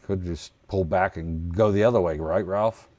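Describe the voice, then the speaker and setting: A man's voice: low voice, normal speed, a little mellow, dry recording, dull audio. A man from Ohio hosting a casual trading livestream, folksy and joking, calling himself plain redneck. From Ohio, United States. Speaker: trading coach host.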